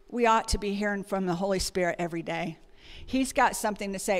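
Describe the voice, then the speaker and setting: A woman's voice: mid-range voice, long reverb tail. A woman giving a conversational sermon, telling personal stories with frequent fillers. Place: church sanctuary.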